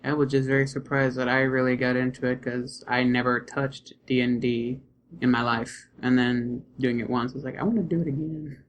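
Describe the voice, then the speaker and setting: A man's voice: mid-range voice, monotone, normal speed, a bit bright. Man co-hosting a podcast, faint hiss. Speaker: podcast co-host. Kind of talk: casual chat.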